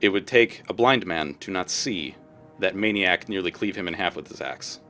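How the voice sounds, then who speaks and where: A man voicing a calm, mysterious male stranger in a low, hushed voice. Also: normal speed, faint music behind. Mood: grave.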